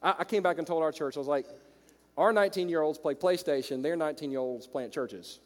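A man with a Southern American accent preaching a sermon to his congregation, shifting from loud exclamations to quiet storytelling. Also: fairly high pitch, brisk. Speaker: pastor. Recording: long reverb of a large hall.

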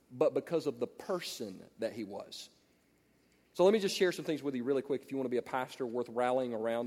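A man preaches to fellow pastors in a blunt, animated way, leaning on stories to drive his points home. His voice sits a touch high. His words carry a long reverb, as in a large hall. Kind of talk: sermon to pastors.

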